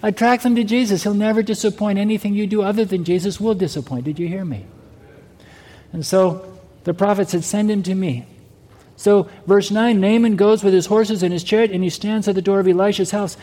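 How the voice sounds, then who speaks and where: A man's voice: sits high, fairly even intonation, a little fast, dark tone. A male pastor preaching a sermon, often asking the congregation whether they heard him. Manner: preaching with rhetorical questions to the congregation. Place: church sanctuary. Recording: long hall reverb.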